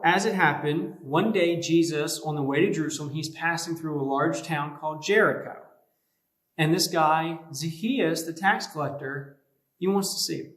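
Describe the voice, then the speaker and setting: A man's voice: a little high, a bit bright. A man giving a youth sermon as a youth pastor, talking casually and conversationally with everyday comparisons. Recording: echoey room.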